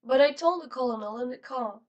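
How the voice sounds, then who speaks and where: A woman's voice: high-pitched, brisk, recorded from a distance, muffled recording, pitched above the performer's own voice, close to an everyday voice. A woman voicing an emotional, reckless teenage girl who teases and breaks down sobbing, in an audiobook. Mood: distraught. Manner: teasing, then sobbing and shouting.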